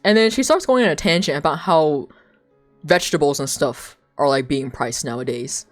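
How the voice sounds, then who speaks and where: A woman's voice: low voice, normal speed, faint music behind. A young woman streamer chatting casually and rambling through stories, laughing often and leaning heavily on filler words. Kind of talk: casual chat on a live stream.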